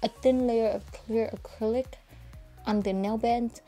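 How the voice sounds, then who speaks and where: A woman talks viewers through a nail-art tutorial in a chatty, informal way, her voice mellow and warm. She keeps it fairly hushed at times, with faint music playing underneath. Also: on the high side, steady tone, measured pace. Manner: soft, hushed and breathy at times, keeping quiet for a sleeping child. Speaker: nail educator.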